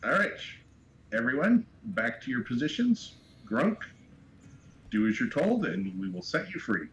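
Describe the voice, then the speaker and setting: Slow commanding man player. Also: a little high, big pitch swings, creaky, a bit bright, rough recording. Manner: commanding, deliberate. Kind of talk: in-character tabletop play. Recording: faint background noise.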